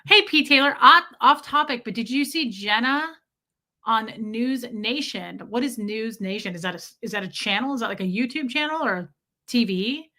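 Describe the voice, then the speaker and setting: Female streamer, casual chat host; bright, slightly high voice, lively delivery. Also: moderate pace. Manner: chatty and animated, replies to viewers by name. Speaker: livestream host reading chat.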